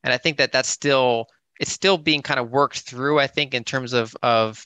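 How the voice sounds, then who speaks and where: A man's voice: mid-range voice, fairly even intonation, normal speed, pushed and bright, smooth, no room sound. A man speaking on a conference panel, hesitant, with many fillers and restarts.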